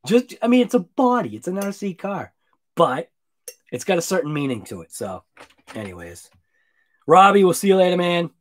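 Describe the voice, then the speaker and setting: A sleepy man signs off a late-night live stream, his voice sitting a little high for a man. He rambles loosely, repeats himself and lets his sentences trail off quietly. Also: big pitch swings, normal speed, long pauses, a little hiss or hum. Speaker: RC hobby channel host.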